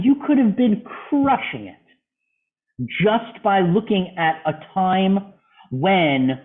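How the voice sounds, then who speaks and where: A man teaching a trading club, walking through charts and asking a student questions over a video call. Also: fairly high pitch. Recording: phone-like video call audio.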